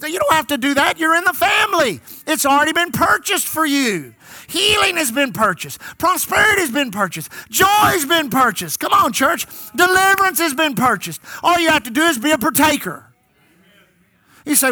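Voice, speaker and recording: A man's voice: extremely high pitch, big pitch swings, moderate pace, bright, forceful tone, dry recording. A man in his fifties, a pastor preaching an emphatic sermon who repeats his key lines and calls out to the congregation.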